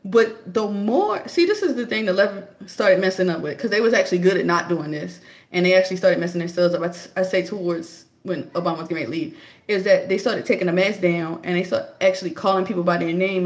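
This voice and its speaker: A young adult woman vlogging a casual, chatty opinion monologue, telling her story in an animated way. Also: fairly quick, roomy sound. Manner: chatty, animated storytelling, jumps high to act out her own quotes.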